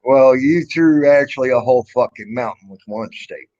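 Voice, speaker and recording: A man's voice: medium pitch, a little fast, darkish tone. A man hosting a casual livestream chat, blunt and profane, rambling with lots of fillers. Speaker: livestream host. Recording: dull lo-fi stream audio.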